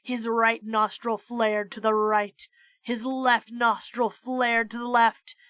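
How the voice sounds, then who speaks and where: A woman reading a children's story aloud at a slow, deliberate pace. Her tone is bright and clear, recorded close and dry. She throws herself into the characters, leaping up to high excited voices. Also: no echo. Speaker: streamer reading a children's book. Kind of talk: expressive read-aloud storytelling.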